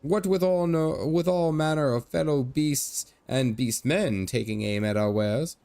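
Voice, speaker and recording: A man's voice: a little high, measured pace, warm tone, dry recording, pitched above the performer's own voice. A man voicing an aging, boastful male merchant in a put-on stage Irish accent, reading game dialogue aloud. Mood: blustering jolly. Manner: hearty, blustering, old-fashioned phrasing.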